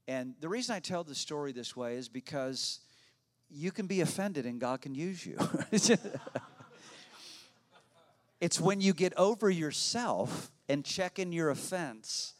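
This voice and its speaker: Pastor telling a story from the pulpit. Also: male voice, medium pitch. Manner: conversational, repeats words, laughs often. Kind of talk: sermon storytelling.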